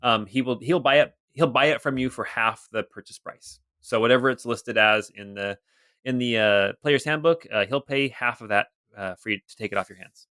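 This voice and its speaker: A man running a tabletop game, meandering through his descriptions with plenty of ums and likes. His mid-pitched voice sounds close and dry. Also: moderate pace, bright, forceful tone, dry recording. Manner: rambling, many fillers. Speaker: game master.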